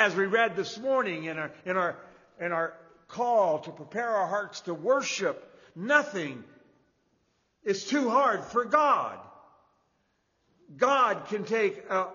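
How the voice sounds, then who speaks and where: A man preaching a sermon as pastor, repeating key phrases for emphasis and building from quiet reflection to emphatic preaching. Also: high-pitched, slightly rough, long reverb tail, highs cut off.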